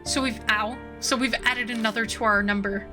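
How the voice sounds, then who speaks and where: A woman's voice: on the high side, steady tone, moderate pace. A woman streamer who reads game dialogue aloud between casual, giggly, foul-mouthed reactions. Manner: giggly, swears freely, reacts loudly. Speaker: streamer playing a visual novel. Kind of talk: reading game text aloud with casual commentary. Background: game music.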